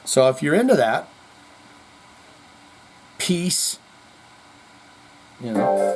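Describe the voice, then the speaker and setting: A man's voice: mid-range voice, sing-song, drawn-out words, noisy background. A male show host telling jokes and rambling through a casual, profane comedy monologue. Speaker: podcast host.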